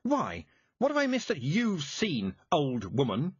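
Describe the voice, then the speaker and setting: Man doing a defiant young witch girl, storybook, very high, indignant, husky, dull dry recording. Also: huge pitch swings, measured pace, no room sound, full character voice. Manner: indignant, shouting back.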